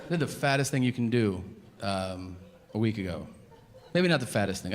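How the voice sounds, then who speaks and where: A man in his forties doing a profane, deadpan stand-up routine and acting out his exchanges with strangers. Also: lowish voice, background noise. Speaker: stand-up comedian. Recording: live stage mic over crowd laughter. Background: audience laughter.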